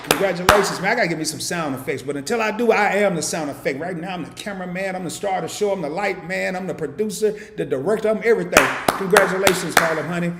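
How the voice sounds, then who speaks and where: A man hosting a casual live stream, reading viewer comments aloud and answering them playfully, swinging from loud hype down to low murmurs. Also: expressive, quick pace, echoey room. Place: home.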